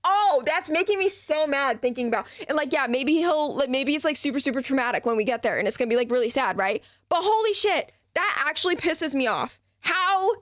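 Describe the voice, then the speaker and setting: A woman's voice: high voice, animated, a little fast, hardly any pauses, fairly bright tone, dry recording, studio quality. A young woman streamer ranting and laughing as she reacts to a game, with casual, profane commentary. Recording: game music playing behind.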